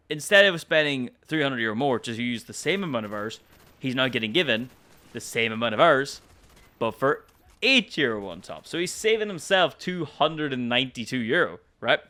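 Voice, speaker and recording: A young man with an Irish accent tells a customer-service story as a rant, his tone exasperated and full of swearing. His voice is bright and forward, and he keeps checking in with the listener through rhetorical questions. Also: mid-range voice. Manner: exasperated, profane, rhetorical "right?". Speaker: commentary YouTuber. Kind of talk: ranting storytime commentary.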